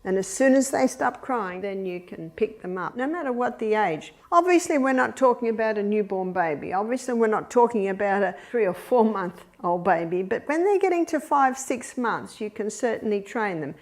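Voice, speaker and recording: A woman's voice: a little high, lively intonation, normal speed, few pauses. An older woman, a grandmother, giving an earnest, instructive Christian talk on raising children. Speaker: parenting speaker.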